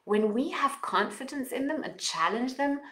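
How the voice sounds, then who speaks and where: A woman with a non-native English accent talking as a parenting coach, guiding listeners through exercises and affirmations in an expressive, coaching manner. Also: high voice, moderate pace, roomy sound. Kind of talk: guided self-help talk with exercises.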